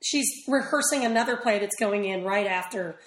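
A woman chatting casually as a guest in an interview, rambling with quick asides. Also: medium pitch, echoey room, rough recording. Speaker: actress guest.

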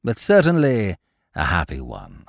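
A man narrating a classic tale as an audiobook, expressive and measured. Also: low voice, gravelly, no room sound, clean studio sound.

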